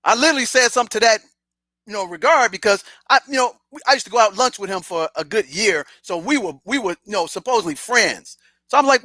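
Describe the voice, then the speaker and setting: A middle-aged man tells a story from his own life in a relaxed, streetwise way, jumping into the voices of the people in it. His voice sits high and bright, with a forceful edge. The sound is dry and close, with no room around it. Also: fast talker, dry recording. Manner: animated, streetwise, acts out quoted dialogue. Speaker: podcast host telling a personal story. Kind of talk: casual storytelling.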